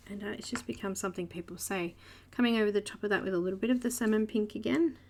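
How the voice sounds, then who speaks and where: A woman with an Australian accent hosts a live coloring stream, her mid-range voice moving at a quick pace over a slight hiss or hum. In this live art tutorial, she chats casually, explaining each step and greeting viewers by name.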